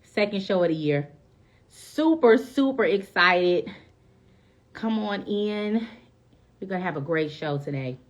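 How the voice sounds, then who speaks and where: A woman's voice: fairly low pitch, expressive, measured pace, long pauses. A woman hosting a live-stream show, chatting casually and greeting her viewers by name with bubbly, effusive energy.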